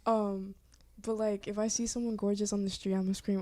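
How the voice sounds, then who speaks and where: A woman's voice: mid-range voice, little pitch movement, fairly quick, mellow, dry recording. A young woman in a mid-range voice chats on a podcast in a playful, jokey way. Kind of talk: casual chat.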